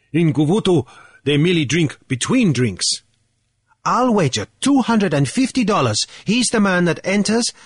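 A man reading the part of a calm man at a card table, reasoning out loud in a measured, deliberate way. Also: a little high, husky, dry recording, studio quality.

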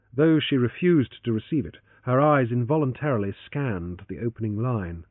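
A man's voice: medium pitch, moderate pace, few pauses, dry recording. A man narrating an adventure novel as an audiobook. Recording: tinny phone-like, dry.

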